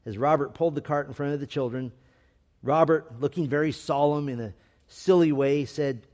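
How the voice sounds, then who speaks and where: A man reading a family story aloud in a gentle, measured storytelling manner, voicing the characters' lines himself. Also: a little high, long reverb tail. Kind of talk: storybook narration.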